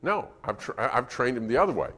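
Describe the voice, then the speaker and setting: A man preaching a sermon in a church, animated and acting out scenes between a parent and child. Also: medium pitch, quick pace, husky. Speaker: guest preacher. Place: church auditorium. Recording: long church hall reverb.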